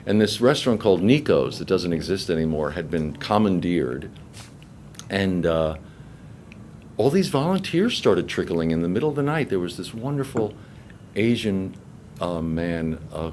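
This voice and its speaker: A man's voice: low-pitched, normal speed, slight background noise. An older man, a voice actor, telling a long story in a convention interview and acting out the people he quotes. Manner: animated storyteller who acts out quoted voices. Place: convention press room.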